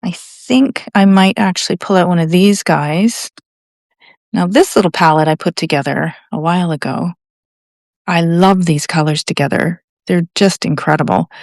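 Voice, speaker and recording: A woman's voice: lowish voice, dry recording, studio quality. A middle-aged Canadian woman giving a real-time painting lesson, chatting and thinking aloud with enthusiasm. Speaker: art tutor.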